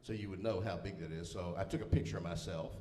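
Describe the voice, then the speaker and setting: Folksy preacher in an echoing hall. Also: male voice, low voice, fast talker, mellow. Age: middle-aged. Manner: folksy, self-deprecating storyteller. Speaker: pastor. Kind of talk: humorous sermon with personal stories. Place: church sanctuary. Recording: roomy church hall reverb.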